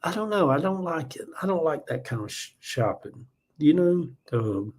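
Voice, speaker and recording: A man's voice: on the high side, big pitch swings, normal speed, a little mellow. Folksy Southern man with a raised voice. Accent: Southern US, Georgia. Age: 40s or older. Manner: rambling, folksy, reads viewer comments aloud. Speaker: livestream host. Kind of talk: casual livestream chat.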